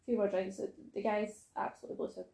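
A woman's voice: medium pitch, flat delivery, fast talker, mellow, reverberant, rough recording. A woman in casual podcast chat who laughs often and acts out quotes.

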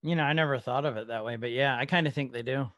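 A man co-hosting a casual TV-show podcast, talking in an animated way and laughing often. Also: medium pitch, fast talker, no echo, highs cut off. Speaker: podcast co-host. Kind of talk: casual chat.

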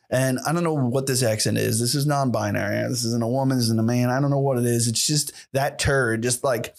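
A man's voice: medium pitch, brisk, hardly any pauses. Rambling, sweary male podcast host. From United States. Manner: rambling, profane and sarcastic. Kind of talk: casual solo rant.

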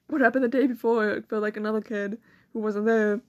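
A woman's voice: on the high side, fairly quick, dull audio. Giggly teenage girl telling school stories. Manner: giggly, quotes others in animated voices, swears casually. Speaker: student. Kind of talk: casual storytelling.

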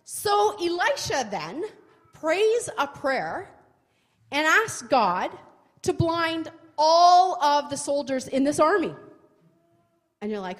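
Woman Bible teacher, high bright voice, very animated, chatty, long hall echo. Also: slow. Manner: chatty, expressive, asks the listener questions.

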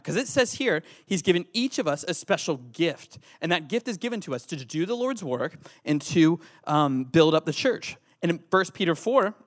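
A man's voice: fairly high pitch, no echo, clean studio sound. A man preaching a youth sermon, playful and teasing the audience. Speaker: youth pastor.

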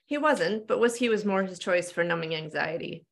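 A woman narrates her own novel in a steady, measured way, her voice lowish and gravelly. She reads over a video call. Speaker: author reading her book. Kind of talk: fiction reading aloud.

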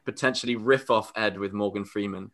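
A man's voice: lowish voice, brisk, a bit bright. A man co-hosting a casual chat, amused and self-deprecating, laughing often. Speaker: podcast co-host.

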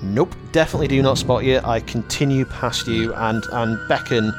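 A man's voice: medium pitch, normal speed. A man playing a tabletop game, describing his character's actions step by step. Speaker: player. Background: music.

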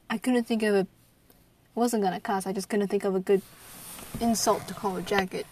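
A woman's voice: medium pitch, steady tone, fairly quick, pauses often, a little mellow, slight background noise. Giggly scatterbrained young American woman. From United States. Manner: scatterbrained, giggly, trails off and restarts. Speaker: vlogger. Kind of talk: rambling casual chat.

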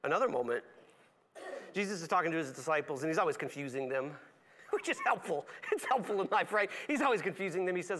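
Guy pastor preaching, high bright voice, gets really animated then goes quiet and soft. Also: fast talker. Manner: animated, acts out voices of characters with big pitch swings; drops to a soft, low reflective tone at times. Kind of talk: sermon.

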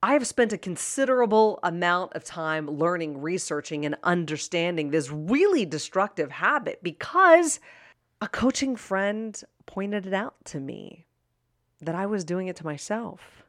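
A woman life coach in her thirties talking candidly to listeners on her own show, chatty and animated, with playful asides. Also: lowish voice, a little slow, dry recording, clean studio sound. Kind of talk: solo podcast talk.

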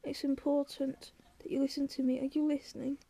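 A gravely ill mother speaks gently and tenderly, her high voice mellow and even, at times breaking into tears. She sounds worn out and pleading, as a woman reads her part. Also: brisk. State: crying in places.

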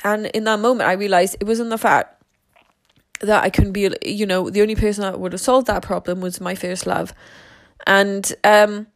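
A young woman tells a personal story in a candid, rambling way and swears freely. Her voice sits at an ordinary middle pitch. The sound is dry and close, with no room echo. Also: fairly even intonation, normal speed.

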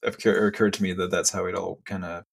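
A man's voice: low-pitched, little pitch movement, fast talker, gravelly, breathy edge. A man hosting a podcast interview, reacting to his guest in a thoughtful, admiring way. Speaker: podcast host. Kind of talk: conversational interview.

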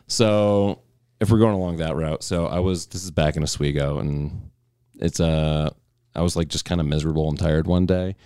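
Comedian guy, real low voice, swears a lot, dry sound. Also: steady tone, normal speed, mellow, clear, resonant tone, dry recording. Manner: blunt, swearing, exasperated. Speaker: comedian guest. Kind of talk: casual storytelling chat.

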